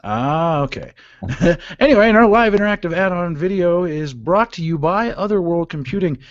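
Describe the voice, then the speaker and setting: A man hosting a technology radio show with jokey, casual talk and quick sponsor reads. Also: high voice, animated, no room sound, highs cut off. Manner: jokey, laughing, fast ad reads.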